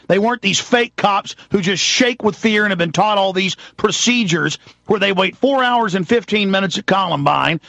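A man hosting a talk show, ranting forcefully in a heated monologue and acting out quotes dramatically. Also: high voice, vocal fry, no echo.

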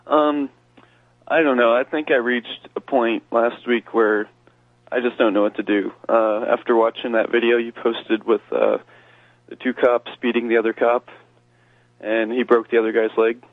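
A man's voice: mid-range voice, flat delivery, moderate pace, no room sound. A man calling in to a radio show, speaking hesitantly and unsure of himself. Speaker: caller. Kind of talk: call-in chat. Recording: tinny phone line.

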